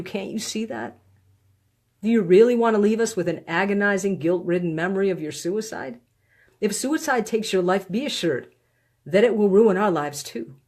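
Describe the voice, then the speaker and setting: A woman reads aloud from her own book, her voice sitting at an ordinary middle pitch. She sounds earnest and pleading, weighing each phrase slowly and deliberately. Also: darkish tone. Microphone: phone or webcam on a live stream.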